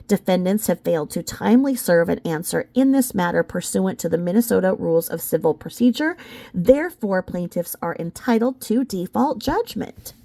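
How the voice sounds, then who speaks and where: Sarcastic gravelly woman reading legal filings. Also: a little high. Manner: sarcastic, mocking asides with sudden loud outbursts. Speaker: commentator reading court documents. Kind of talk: casual commentary reading legal filings aloud.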